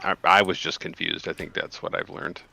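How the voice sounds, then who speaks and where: A man's voice: sits low, little pitch movement, a little fast, creaky, sharp tone. A man teasing friends with goofy asides in casual voice chat while gaming. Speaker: gamer co-host.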